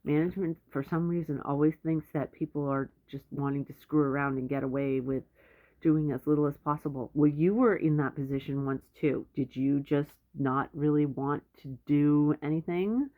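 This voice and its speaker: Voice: medium pitch, fairly even intonation, moderate pace. Blunt rambling advice-giver, tinny audio. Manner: rambling, self-interrupting, blunt. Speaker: advice vlogger. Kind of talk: casual advice monologue.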